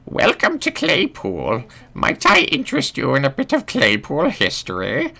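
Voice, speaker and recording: A man voicing a chatty old village woman from a video game who slowly recounts the history of her village. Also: mid-range voice, wildly swooping pitch, creaky, bright, forceful tone, pitched above the performer's own voice, full character voice. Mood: telling history. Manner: slow, lilting storyteller.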